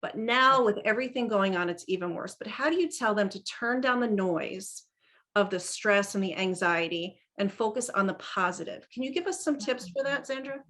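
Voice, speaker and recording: A middle-aged woman hosting a podcast, chatting casually and telling stories in an animated way, with many restarts. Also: medium pitch, moderate pace. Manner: chatty, animated storytelling with frequent laughs and restarts. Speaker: podcast host. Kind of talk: casual conversational interview.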